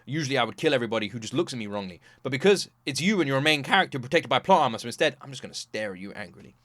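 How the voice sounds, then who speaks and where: A man's voice: mid-range voice, animated, racing, fairly bright tone, no echo, close to an everyday voice. A man voicing an arrogant, menacing male anime villain with pompous, indignant speech.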